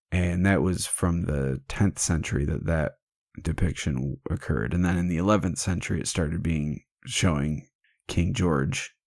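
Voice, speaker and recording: A man's voice: low-pitched, darkish tone, dry recording, clean studio sound. A man hosting a podcast, retelling a legend in a casual, irreverent and jokey way, swearing freely. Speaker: podcast host. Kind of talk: casual storytelling chat.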